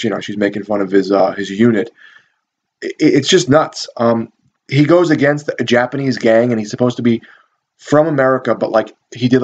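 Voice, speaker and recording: A man's voice: mid-range voice, lo-fi sound, slight background noise. A man casually reviewing a cult movie, rambling and swearing with lots of fillers and amused asides. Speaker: video reviewer.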